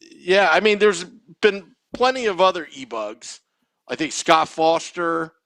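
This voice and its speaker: A man co-hosting a podcast in casual, animated, self-mocking chat. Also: high voice, a little slow, no echo, studio quality. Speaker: podcast co-host.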